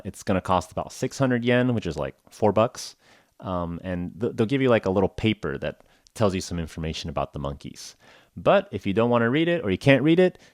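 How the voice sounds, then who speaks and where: A man's voice: on the low side, no room sound, studio quality. A man hosting a casual English-learning podcast, talking in a rambling, jokey way full of "like" and "uh". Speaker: podcast host.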